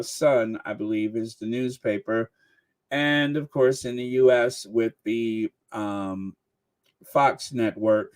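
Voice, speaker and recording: A man in his sixties, hosting a livestream with casual, joking commentary. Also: medium pitch. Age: 60s. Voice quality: chatty, joking, frequent laughs. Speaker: channel host.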